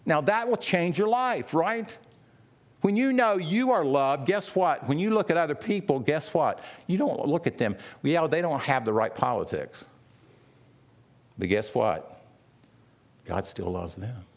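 A man's voice: fairly high pitch, lively intonation, a little slow. A middle-aged man preaching a sermon in a conversational way, often asking the listeners rhetorical questions. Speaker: pastor.

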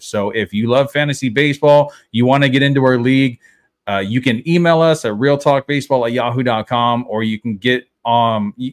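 A man with a mid-pitched voice co-hosting a baseball talk show. He speaks in a relaxed way, thinking aloud with small fillers. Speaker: podcast co-host. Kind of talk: casual sports chat.

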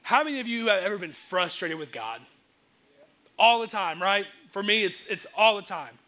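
Bright-voiced young man preaching casually. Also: high-pitched, moderate pace. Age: young adult. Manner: casual, energetic, acts out quotes. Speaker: youth preacher. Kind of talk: sermon.

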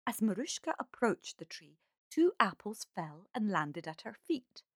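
A woman reading a fairy tale aloud as a calm, measured storyteller. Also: medium pitch, dry recording, studio quality.

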